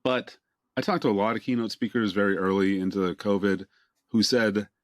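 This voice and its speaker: A relaxed male host interviews a guest over a video call, asking long, meandering questions and chuckling often. His voice sits low for a man. The sound is dry and close, with no room echo. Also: normal speed. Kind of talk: casual interview chat. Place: home office near Boston.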